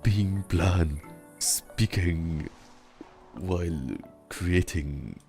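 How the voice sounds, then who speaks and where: A man with a very deep, rumbling voice, a Southern German accent and a rolled R chats casually with his stream while gaming. He talks slowly with long pauses, and soft music plays faintly in the background.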